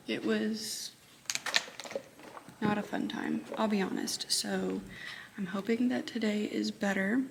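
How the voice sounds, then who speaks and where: A young Texan woman talks casually through her teaching day, tired and chatty, often lowering her voice to a near whisper. Her voice carries a gravelly fry at the ends of phrases. A light background hiss sits under the recording. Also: fairly even intonation, a little slow. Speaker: high school math teacher. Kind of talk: casual vlog chat.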